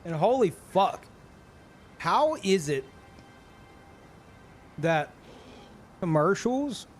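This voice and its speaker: A man's voice: sits high, sing-song, drawn-out words, a little hiss or hum. Profane ranting male streamer. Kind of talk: casual live-stream chat.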